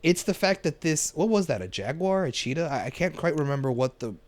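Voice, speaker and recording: A man co-hosting a podcast in loose, profane movie-review chat. His voice sits a little high and swings widely in pitch. He bursts into loud mock shouts when acting out how he would react. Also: brisk, no room sound. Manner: animated, swears a lot, yells when acting out reactions. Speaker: podcast co-host.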